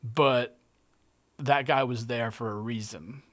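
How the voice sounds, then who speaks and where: Man telling a rough story casually. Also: medium pitch, steady tone, slow, a bit bright. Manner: vivid present-tense retelling, swears, frequent restarts. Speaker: guest artist.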